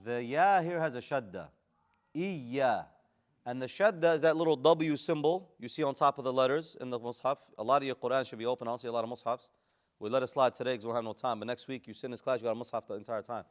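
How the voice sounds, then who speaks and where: Speaking rapid-fire in a mid-range voice, a man leads a class in reciting the Quran with students present. He shifts from chanted Arabic verses to loose, slang-filled English explanations.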